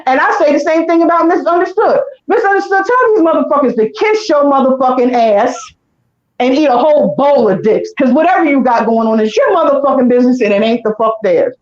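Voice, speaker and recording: Furious high-voiced woman ranting, echoey lo-fi. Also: expressive, brisk. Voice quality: heated, profane ranting. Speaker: co-host. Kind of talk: casual chat. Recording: echoey dull lo-fi room.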